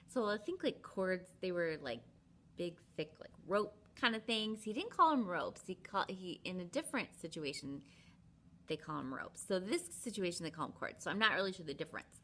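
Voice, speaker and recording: A woman's voice: lowish voice, moderate pace. A woman Sunday school teacher retelling a Bible story to children in a chatty, casual way, full of "like" and "um". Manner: chatty, animated, lots of "like" and "um".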